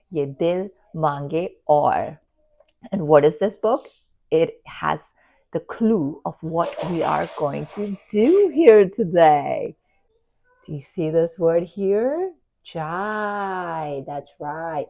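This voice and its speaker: A woman from Bihar, India speaks slowly and gently to young viewers. Her voice sits fairly low, and she sounds unhurried as she walks them through making chai. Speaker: children's book author.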